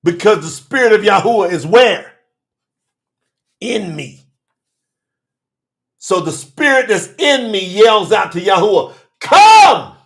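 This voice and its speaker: A man preaching a live-streamed sermon, fervent and casual by turns, breaking into shouts as he reads scripture to his viewers. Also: high-pitched, lively intonation, measured pace, vocal fry, pauses often. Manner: casual colloquial talk to viewers.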